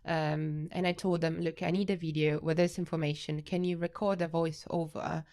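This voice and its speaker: An Italian-accented woman with a low voice and a gravelly edge, speaking as a guest researcher on a podcast. She hesitates and restarts often, then gets animated when she explains her work. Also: moderate pace. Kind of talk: podcast interview.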